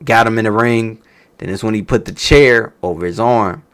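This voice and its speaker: This fairly low, clean-toned male voice moves at normal speed. Reacting casually to a wrestling show, he swears loosely, tells lively stories, and keeps laughing.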